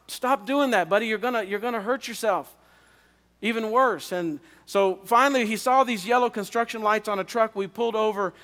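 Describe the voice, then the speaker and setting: A man, a pastor, preaching a revival sermon as an earnest personal testimony, often halting and repeating words. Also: sits high, fairly bright tone. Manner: earnest storytelling with halting restarts. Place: chapel. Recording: long reverb of a chapel.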